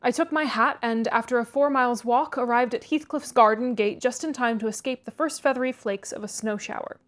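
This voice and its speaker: A woman reading a classic novel aloud, pausing for chatty asides and laughing at her own stumbles. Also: on the high side. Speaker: audiobook reader, read-aloud host.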